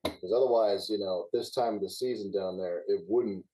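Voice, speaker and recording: Low, husky former greenskeeper, laid-back explainer on a podcast. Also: male voice, normal speed, poor audio. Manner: explains turf technicalities in a relaxed, knowing way. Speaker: guest, former golf course superintendent. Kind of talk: casual podcast chat.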